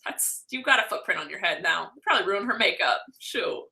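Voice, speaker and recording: Hosting a laid-back live stream, a young woman speaks at medium pitch with a bright, forceful, expressive tone and some vocal fry. She chats and rambles in reply to viewers, leaning heavily on "like" and fixing her words on the fly.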